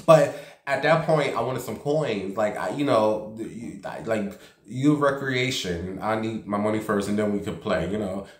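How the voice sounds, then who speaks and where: A man's voice: fairly low pitch, animated, a little slow. A man vlogging casually from a basement room at home, telling a gossipy story and acting out the voices of the people in it. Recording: roomy echo.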